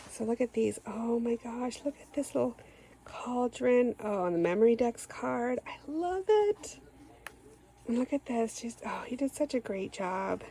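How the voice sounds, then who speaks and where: A woman's voice: a little high, fairly even intonation, moderate pace, creaky, dark tone, slight background noise, rough recording. Gushing woman unboxing craft goodies. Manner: gushing, gasping, says "oh my gosh" often. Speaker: craft channel host. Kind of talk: unboxing a craft swap package.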